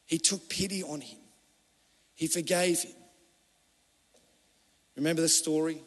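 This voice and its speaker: A male pastor preaching a sermon with passion, rising to urgent appeals and dropping to hushed, pleading tones. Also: fairly high pitch, fairly even intonation, a little slow, big-room sound.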